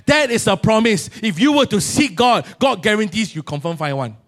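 A middle-aged man with a Singaporean English accent preaching a sermon, telling a story with animated swings in loudness and Singlish particles. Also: high voice, moderate pace.

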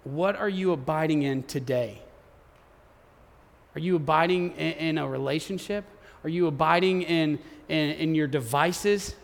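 A man's voice: on the high side, measured pace, vocal fry, big-room sound. A man preaching a sermon as pastor, earnest and often repeating words as he builds his points.

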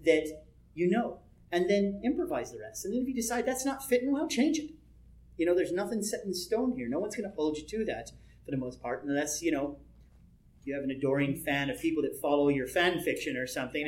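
A man's voice: a little high, darkish tone. A man giving a conversational workshop talk on building role-play personas, rambling with frequent asides and chuckles. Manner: rambling, chuckling, many "you know" asides. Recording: echoey room.

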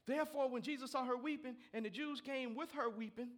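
A male pastor a sermon, reading scripture and breaking into lively asides to the congregation. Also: extremely high pitch, fairly quick. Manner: animated preaching with asides to the congregation.

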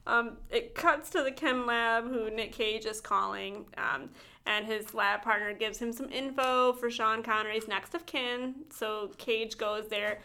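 A woman's voice: fairly high pitch, steady tone, measured pace, creaky, sharp tone. A woman co-hosting a podcast, animatedly recapping a film with laughter and swearing. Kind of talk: casual chat.

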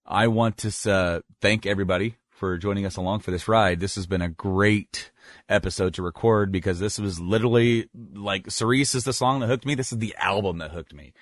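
A man hosting a casual podcast over a call, rambling and correcting himself as he talks, with bursts of excited laughter. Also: lowish voice, a little fast, no room sound, clean studio sound. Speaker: podcast host.

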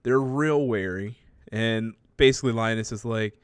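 A man's voice: lowish voice, normal speed, hardly any pauses, clean tone, no room sound. A man casually recapping a story and acting out the characters' lines, laughing often as he talks.

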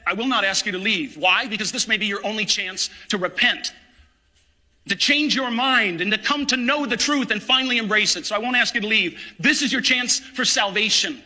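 A man's voice: sits high, sharp tone. A man, a parish priest, preaching an impassioned, indignant sermon in a church.

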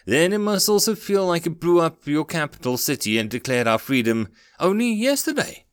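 A wry young human man, defiant and sarcastic, with a lively pitch and a smooth, clear tone, as a male narrator plays him. The voice sits close and dry. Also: moderate pace, no room sound. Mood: sardonic. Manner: sarcastic and icy.

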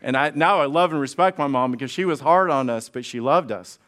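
A preacher with a medium-pitched, fairly bright voice talks fairly quickly through a sermon. His delivery is conversational and funny, full of storytelling, restarts, and repeated words.

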